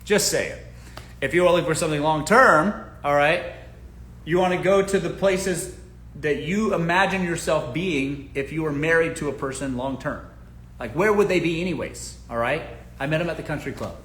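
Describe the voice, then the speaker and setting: Guy with a bright, slightly high voice talking dating straight to his viewers, echoey room. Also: normal speed. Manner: blunt, joking, talks straight to listeners. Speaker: dating advice host. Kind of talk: casual live-stream advice talk.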